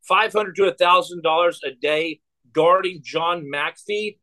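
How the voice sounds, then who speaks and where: A man's voice: high-pitched, a little slow, bright, forceful tone, low-quality recording. A man in his forties telling a long personal story as a podcast guest, rambling and repeating words with many fillers.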